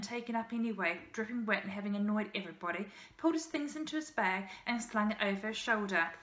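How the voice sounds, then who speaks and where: Bright-voiced teacher reading a story aloud. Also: female voice, medium pitch. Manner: steady storybook narration with small slips. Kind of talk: reading a children's novel aloud. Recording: roomy echo.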